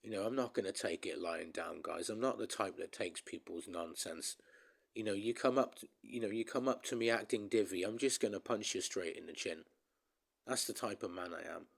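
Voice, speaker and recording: A man's voice: on the low side, a little fast, vocal fry, slightly rough. A man ranting casually to his viewers in a vlog, rambling and emphatic, often calling them guys. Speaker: vlogger.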